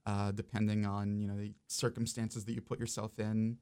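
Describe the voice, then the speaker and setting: A man's voice: fairly low pitch, level tone, moderate pace, mellow, clear, resonant tone. Easygoing man, radio guest. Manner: easygoing, explains with many fillers. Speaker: guest, dungeon master. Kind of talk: casual radio interview. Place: radio studio.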